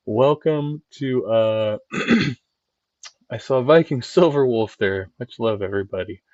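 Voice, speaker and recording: A man's voice: mid-range voice, slow pace, a little mellow, no room sound, highs cut off. A man hosting a live stream who rambles conversationally, often checking in with "right?", swearing and laughing as he reads chat. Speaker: streamer and channel host. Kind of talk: casual live-stream commentary, reading chat.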